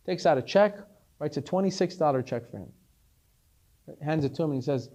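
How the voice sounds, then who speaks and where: A rabbi teaching a class, a man telling a story in an animated way and acting out each character, repeating words as he gets excited. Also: on the high side, a little fast, dull audio. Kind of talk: storytelling Torah lesson.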